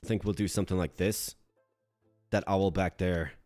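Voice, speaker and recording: A man from Minnesota streaming a game, chatting with his viewers and thinking his moves through out loud. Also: normal speed, dry recording, studio quality, faint music behind. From Minnesota, United States. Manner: animated when greeting chat, low and muttering while planning moves. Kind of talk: live-streamed game commentary.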